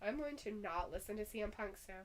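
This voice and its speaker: A woman's voice: medium pitch, fast talker, a little hiss or hum, rough recording. Giggly woman reading stream chat aloud. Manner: giggly, animated, reads chat messages aloud. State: slight headache. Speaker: live stream co-host.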